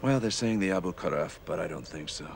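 A gravelly, hushed action hero. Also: male voice, low voice, expressive, fast talker. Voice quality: whispery, gravelly. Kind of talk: film dialogue. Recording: noisy film soundtrack clip.

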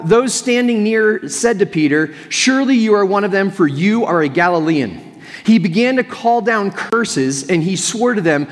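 A man's voice: sits high, big-room sound. A male pastor preaching a sermon, reading scripture aloud and then reflecting on it in a conversational way.

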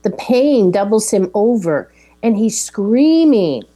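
A woman's voice: medium pitch, sing-song, slow pace, mellow. A woman in casual chat, steadily recapping a film's plot with fillers and quoting its lines. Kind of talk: casual chat retelling a film.

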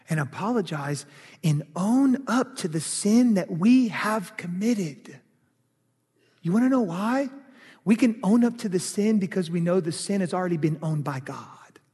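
A male pastor preaching a sermon, telling a personal story with lively, animated delivery that turns heated and loud in places. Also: sits high, measured pace, breathy edge, long reverb tail.

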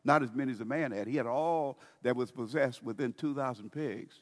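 Male pastor, mid-pitched, lively sermon delivery with long hall reverb. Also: brisk. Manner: animated preaching with laughs and dramatic quoted voices.

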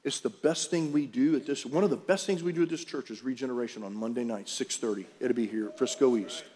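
In a big church auditorium, this pastor delivers a sermon quickly in a mid-range, slightly mellow voice. He talks to the congregation in a direct, conversational way, asking them questions, while faint music plays in the echoing hall.

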